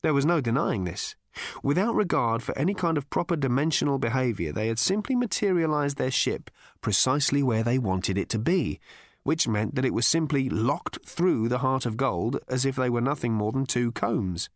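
A man narrating a story as an audiobook in a dry, wry, measured way. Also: medium pitch, expressive, no room sound.

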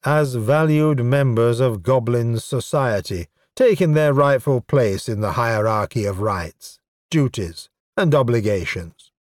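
Guy doing a smug goblin boss, flat and dry, slow talker, no room sound. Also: mid-range voice, no room sound, close to an everyday voice. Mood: earnest. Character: blunt, self-satisfied male goblin leader. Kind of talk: audiobook character voice.

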